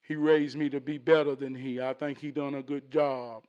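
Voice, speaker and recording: A man giving a casual motivational talk in an animated, preachy way, with streetwise slang. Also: medium pitch, normal speed, muffled recording.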